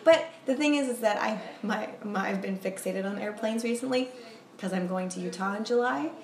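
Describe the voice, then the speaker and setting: A woman's voice: mid-range voice, brisk, darkish tone. Giggly young woman in a roomy space. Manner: giggly, rambling, confessional. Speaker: podcast guest. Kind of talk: casual chat. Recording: roomy echo, faint background noise.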